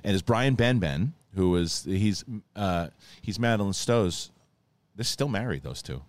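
Male podcast host, lowish voice, rambling and animated, restarts a lot. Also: measured pace. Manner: rambling, animated retelling with many restarts and acted quotes. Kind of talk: casual chat.

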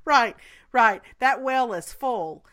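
A woman's voice: on the high side, animated, slow pace, sharp tone. A woman co-hosting a podcast, gushing and enthusiastic in casual chat. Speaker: podcast co-host.

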